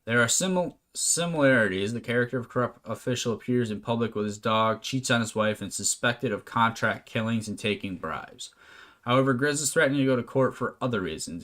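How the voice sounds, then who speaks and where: A man's voice: on the low side, fairly quick, fairly bright tone. A man casually commenting on a management game, reading its text aloud with wry asides. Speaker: gameplay commentator. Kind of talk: let's play commentary. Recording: faint noise and clicks.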